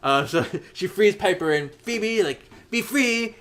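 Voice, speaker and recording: A man's voice: sits high, expressive, a little slow, a bit bright. A man hosting a podcast, casually recapping a story and acting out the characters' lines in raised voices. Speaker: podcast host.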